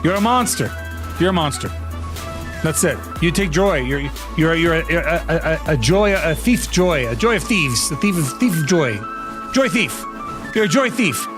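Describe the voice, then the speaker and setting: A man in his thirties talks through a live game stream with exasperated, playfully dramatic energy. His fairly high voice swoops widely as he rants. Loud music plays behind him the whole time. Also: animated, moderate pace. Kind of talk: live gaming stream chat. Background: loud music playing.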